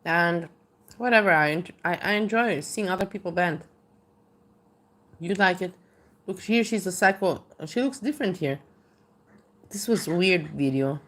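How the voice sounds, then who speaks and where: A woman's voice: on the low side, expressive, normal speed, long pauses, a bit bright. A woman host giving casual, bemused commentary on a video and asking puzzled questions.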